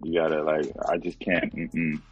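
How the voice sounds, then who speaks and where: A man's voice: very deep voice, monotone, normal speed, husky, no echo, muffled recording, soft background music. A man hosting a casual chat from home, ranting emphatically with plenty of profanity.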